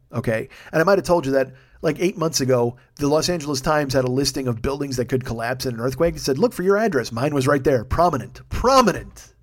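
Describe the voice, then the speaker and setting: A man hosting a podcast alone, telling a rambling, profane comic story from his apartment. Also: medium pitch. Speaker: podcast host. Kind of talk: solo comedic monologue. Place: home apartment.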